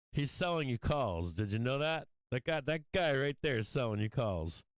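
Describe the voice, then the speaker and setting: A man's voice: mid-range voice, big pitch swings, a little slow, no echo. Blunt, profane man hosting a trading stream. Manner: blunt, profane, laughs often. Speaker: stock market livestream host. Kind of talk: casual trading livestream talk.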